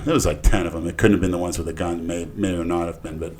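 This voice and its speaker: Rambling older man with a low voice. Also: fairly even intonation, fast. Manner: rambling, crude, jumps between hushed and loud. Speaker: podcast regular. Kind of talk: casual storytelling rant.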